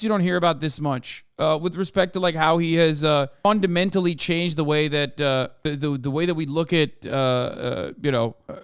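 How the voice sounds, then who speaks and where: A man reacting to a clip on his live stream, swearing freely and growing incredulous as he argues his point. His voice sits a little high for a man and sounds smooth and resonant. The sound is close and dry, with no room around it. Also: normal speed, dry recording. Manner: animated, profane, incredulous ranting.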